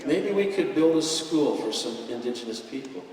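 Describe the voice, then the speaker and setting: A man's voice: fairly high pitch, expressive, moderate pace. Earnest man speaking in an echoey hall. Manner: earnest, heartfelt, with gentle jokes. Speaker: guest speaker at a business convention. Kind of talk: inspirational stage speech. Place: large convention hall, indoors. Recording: echoey hall, voice picked up from far off.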